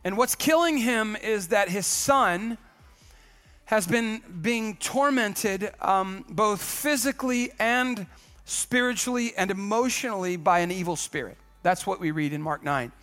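A man preaching a sermon as pastor, lively and joking, calling out to the congregation. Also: high-pitched, a little slow, soft background music.

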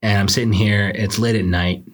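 A man's voice: on the low side, fairly even intonation, moderate pace. A young man, a law student, hosting a casual solo podcast, talking in a rambling, reflective and self-deprecating way. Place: indoors late at night.

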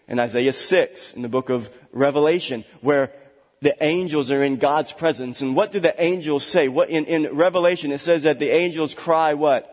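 A fairly high-voiced man preaches a sermon in a church, leaning hard on repeated words for emphasis. He slips into chatty, joking asides. His voice rings out with the long reverb of a big hall. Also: darkish tone. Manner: chatty asides with small laughs. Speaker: pastor.

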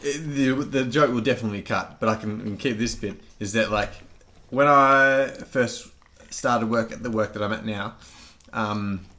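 A man's voice: lowish voice, measured pace, pushed and bright. An Australian man co-hosting a podcast, chatting casually in a rambling, self-deprecating way with frequent laughter. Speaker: podcast co-host.

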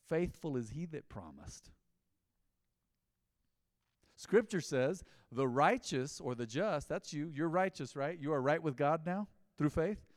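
A man preaching a mid-week sermon as pastor, talking in a conversational, animated way that swings from loud to quiet. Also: on the high side, normal speed, no echo, clean studio sound.

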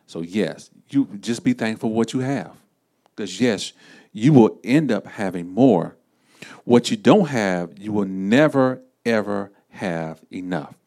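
A man preaching an encouraging sermon in a relaxed, conversational way, repeating himself and using many fillers. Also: on the low side, unhurried.

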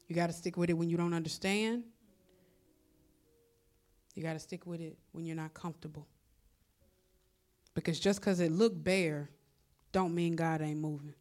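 A woman's voice: lowish voice, darkish tone. A woman pastor preaching a sermon in a conversational, colloquial style, repeating her exhortations.

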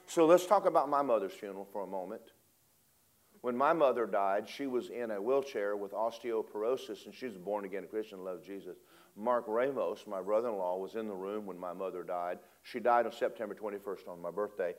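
A man preaching a storytelling sermon, animated, acting out voices and laughing often. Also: lowish voice, fairly quick.

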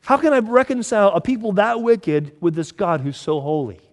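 A man's voice: high voice, sing-song, moderate pace, long reverb tail, pitched above the performer's own voice. A man acting out a frustrated, fearful leader of his people in the middle of a sermon, pleading in exasperation. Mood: anxious.

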